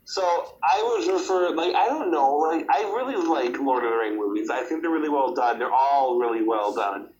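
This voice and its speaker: Hesitant podcast host, dull lo-fi sound. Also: male voice, mid-range voice, lively intonation, moderate pace, few pauses, darkish tone. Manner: hesitant, many fillers and restarts. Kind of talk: casual podcast chat. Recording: dull lo-fi audio.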